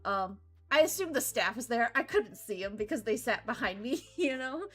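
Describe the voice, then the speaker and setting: A young woman VTuber chatting casually, telling a story in an animated way, with frequent laughs and casual swearing. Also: on the high side, moderate pace. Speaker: VTuber streamer. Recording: faint background music.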